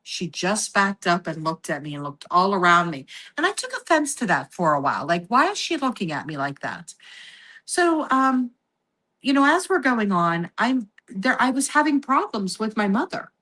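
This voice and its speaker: A woman's voice: medium pitch, big pitch swings, normal speed, bright, forceful tone. A woman telling a personal story in a casual podcast chat, acting out the voices of the people she quotes. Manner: acts out quoted voices, laughs while telling. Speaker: psychic medium guest.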